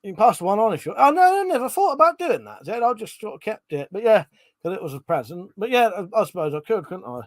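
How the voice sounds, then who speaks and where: A man's voice: high-pitched, sing-song, quick pace, no echo. A man chatting casually on a live stream, reading out chat messages and swearing freely.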